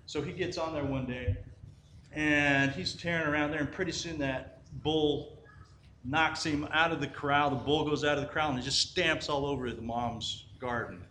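A man's voice: on the high side, normal speed. A man giving an informal sermon, telling a parable in a conversational way and often checking in with "right?". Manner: conversational, repeats "right?", frequent restarts and fillers. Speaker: Christian teacher. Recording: echoey room with faint ambient noise.

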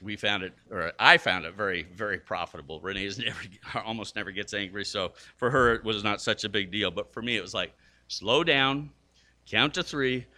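An older man, a grandfather, preaching a sermon with animated storytelling, acting out quotes and poking fun at himself. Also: on the low side. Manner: self-deprecating. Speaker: pastor.

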